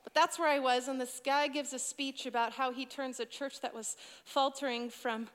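High-voiced young woman preaching in a hall. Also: fairly even intonation, moderate pace, clean tone. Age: 20s. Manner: conversational storytelling with asides to teens. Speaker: youth pastor. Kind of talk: sermon. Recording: long reverb of a large hall.

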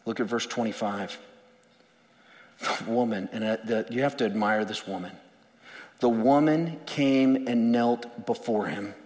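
A man's voice: medium pitch, a little slow, a little mellow, in a large hall. A male pastor preaching a sermon in an earnest, emphatic way, often repeating words.

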